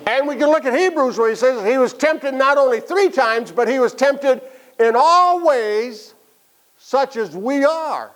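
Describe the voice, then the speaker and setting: A man's voice: extremely high pitch, unhurried, a bit bright. A man leading a Bible study class, asking the group questions and making joking asides. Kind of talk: interactive Bible lesson.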